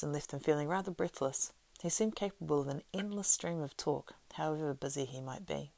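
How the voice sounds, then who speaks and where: A woman reading a story aloud as narrator, at a steady pace with small slips and restarts. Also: sits low, gravelly, dry recording, rough recording.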